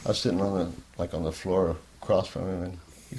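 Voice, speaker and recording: An older man telling a personal story in a candid, rambling way, at times sinking to a soft near-whisper. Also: low-pitched, steady tone, fast, few pauses. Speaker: interviewee.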